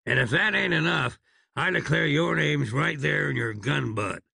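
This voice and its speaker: Man voicing grumbling cowboy, reluctant, husky, gravelly. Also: a little high, normal speed, sharp tone, no echo, studio quality, full character voice.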